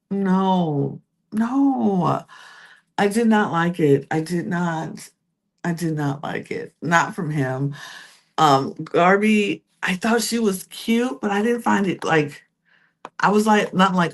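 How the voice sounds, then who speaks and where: Chatty woman with a lively, low voice. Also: slow. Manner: chatty, full of fillers and self-corrections. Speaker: podcast host. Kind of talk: casual reality TV recap.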